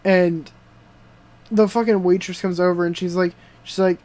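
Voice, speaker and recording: A young adult man co-hosting a podcast, excitedly recapping a TV show in casual chat, full of swearing and "dude" and "like" fillers. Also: sits high, normal speed. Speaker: podcast co-host.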